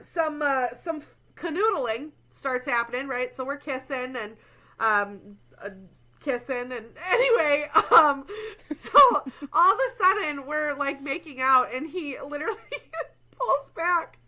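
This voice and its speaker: A woman's voice: high voice, expressive, unhurried, pushed and bright. A young adult woman co-hosting a podcast, telling a story in casual chat with many fillers and frequent laughter. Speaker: podcast co-host.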